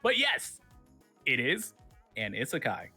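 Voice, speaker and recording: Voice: medium pitch, huge pitch swings, takes it slowly, bright, forceful tone, husky, soft background music. A streaming talk show host explaining personal definitions in a playful, opinionated way. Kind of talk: casual streamed chat.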